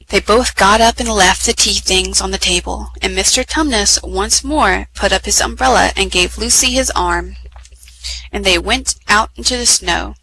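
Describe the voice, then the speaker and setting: Lady reading kids stories, bright voice, steady clear pace, headset mic. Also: medium pitch, a little hiss or hum, poor audio. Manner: measured, clear read-aloud pacing. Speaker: storyteller. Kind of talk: children's story reading.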